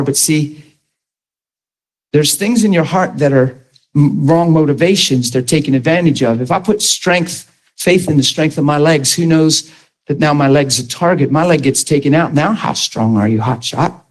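A man's voice: a little high, moderate pace, rough recording. A man preaching an earnest testimony sermon, talking to his audience directly and conversationally.

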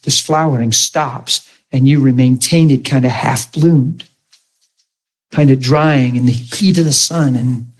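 A man's voice: mid-range voice, takes it slowly. A middle-aged man preaching a sermon, telling stories and acting out the dialogue with animation. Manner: animated storytelling, acts out dialogue.

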